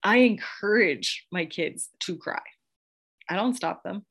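A woman's voice: medium pitch, expressive, slow pace, fairly bright tone, husky. A woman in her thirties hosting a podcast, talking in a casual, gushing motivational monologue and laughing often. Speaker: podcast host.

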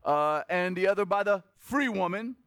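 A male pastor preaching a sermon, animated and conversational, jumping between loud exclamations and quiet asides and asking his congregation questions. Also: sits high, moderate pace, clean tone, no room sound, studio quality.

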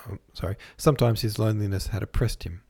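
A man reading a classic novel aloud as a podcast host, in measured literary narration. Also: lowish voice, vocal fry, dark tone, husky. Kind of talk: scripted narration.

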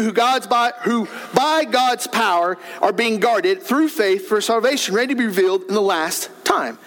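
High-pitched man preaching earnestly. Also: a little hiss or hum. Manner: earnest, emphatic preaching with rising bursts of excitement. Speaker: pastor. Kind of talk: sermon. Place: church sanctuary.

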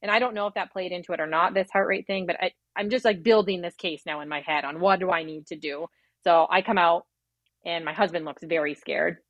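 In a dry recording with the highs cut off, a woman in her thirties shares the emotional story of giving birth, speaking quickly and rambling, full of fillers and acted-out inner quotes. Her voice is lowish with a fairly bright tone.

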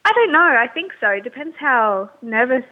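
A woman from Australia with an Australian accent, chatting in a bubbly, excitable way as a radio co-host. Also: sits high, moderate pace. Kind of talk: casual chat on a phone line. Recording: tinny phone line.

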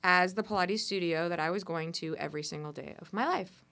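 Low, gravelly-voiced woman telling her story. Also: brisk. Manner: animated, expressive storyteller. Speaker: entrepreneur guest. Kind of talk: personal storytelling in an interview.

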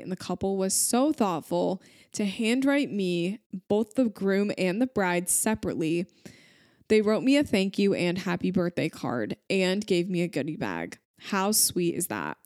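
A woman in her thirties hosts a podcast and reads listener stories aloud. She gets emotional and gushes between them, with plenty of fillers. Her voice sits at a middle pitch and the sound is dry and close to the mic. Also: a little mellow, dry recording. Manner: gushing, emotional, talks with many fillers. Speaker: podcast host. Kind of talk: reading listener stories aloud, casual chat.

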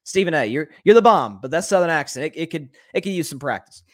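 A man hosting a solo sports talk show, giving animated and opinionated commentary and often repeating words as he thinks. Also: a little high, quick pace. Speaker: sports podcast host.

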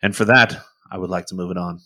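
A man with a lowish voice and a bright, forceful tone gives a wry take. He hesitates and fills with "uh" between jokes. It's relaxed podcast chat. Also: fast talker. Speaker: panelist.

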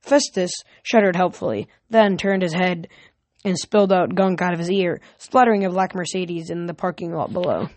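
Woman reading a novel aloud, casual, self-correcting, lowish voice, dry close sound. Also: steady tone, normal speed, darkish tone, dry recording. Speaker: reader.

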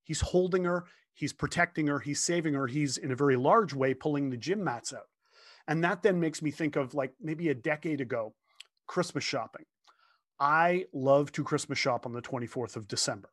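Earnest man telling a story, slightly high voice. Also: moderate pace, no room sound, clean studio sound. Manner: earnest, animated, with frequent restarts. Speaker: guest. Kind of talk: storytelling in casual conversation. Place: home office.

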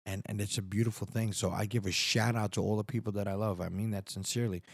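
A middle-aged man hosts his own podcast in a casual solo monologue, rambling earnestly and restarting often. His lowish, breathy voice is fast and fairly even in intonation, captured on a studio microphone with studio quality and no room sound.

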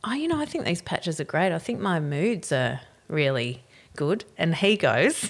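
A middle-aged woman chats casually on a podcast, her pitch swinging widely as she tells the story. Her voice sits a little low, and she swears freely and laughs easily. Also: big pitch swings, unhurried. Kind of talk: casual chat.

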